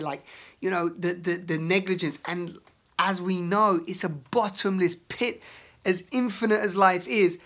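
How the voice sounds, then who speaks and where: A man talking through his feelings in a rambling, emotional vlog, swearing often and breaking into loud outbursts. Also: high-pitched. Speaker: vlogger. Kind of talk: outdoor confessional vlog. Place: outdoors in nature.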